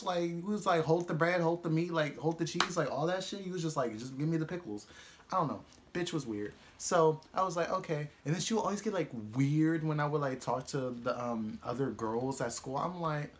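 A young man telling a casual storytime vlog, profane and animated, laughing often as he talks. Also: a little high, a little fast. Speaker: vlogger.

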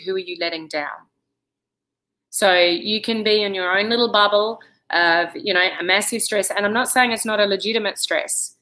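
A woman's voice: mid-range voice, sharp tone, rough recording. Chatty woman giving stress advice. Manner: chatty, direct, with many "you know"s. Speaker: vlogger giving life advice. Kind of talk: casual advice monologue to camera.

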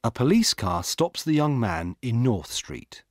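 A man narrating a simple graded reader story slowly and carefully. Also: medium pitch, very animated, dry recording, studio quality. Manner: slow, careful, clearly paced.

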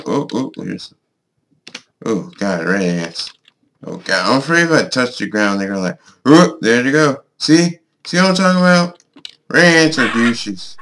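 Unhurried man narrating his gameplay. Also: medium pitch, slight background noise. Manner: excitable, swears and yells at game creatures. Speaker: gaming video host. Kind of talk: casual let's-play commentary.

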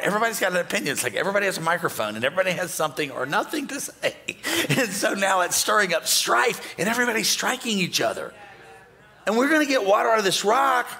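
A man preaching a sermon as pastor, joking with the congregation and bursting into shouts and mock voices. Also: sits high, sing-song, quick pace, vocal fry. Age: older.

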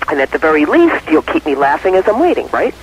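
A woman radio regular calling in by phone, telling a joke in a playful, lively way. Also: deep voice, quick pace, dull audio, slight background noise. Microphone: phone line.

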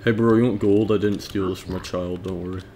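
A man's voice: low voice, steady tone, brisk, warm tone, slight background noise. A man streaming a video game live, muttering to himself and coaxing and teasing the game's creatures as he plays. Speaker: gaming streamer. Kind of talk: live gameplay commentary.

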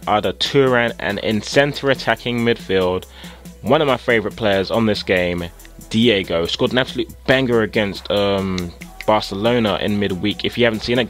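Tired young man commentating gameplay. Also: on the low side. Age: young adult. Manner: casual, bursts into excited shouting at play. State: tired, sore throat. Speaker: gaming YouTuber.

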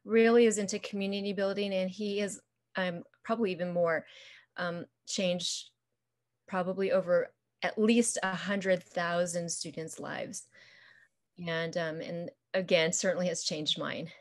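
A woman's voice: fairly low pitch, steady tone, measured pace. Chatty woman author, lots of "um". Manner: chatty, lots of "um" and "you know". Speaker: children's book author. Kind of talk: casual interview, retelling a story.

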